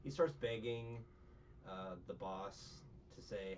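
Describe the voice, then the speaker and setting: A man's voice: fairly low pitch, takes it slowly. A man in a casual chat, recapping a show with a rambling, joking manner and lots of fillers. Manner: rambling, jokey, full of fillers and quoted voices. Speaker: podcast co-host recapping a show. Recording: dull, distant, faint noise.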